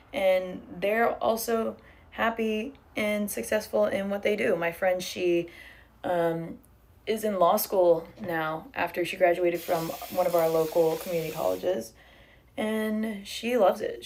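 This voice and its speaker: A woman's voice: lowish voice, fairly even intonation, moderate pace, vocal fry, a little hiss or hum. A young woman in casual livestream chat at home, swearing freely and reading out viewer comments while braiding her hair. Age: young adult. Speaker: streamer. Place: living room at home.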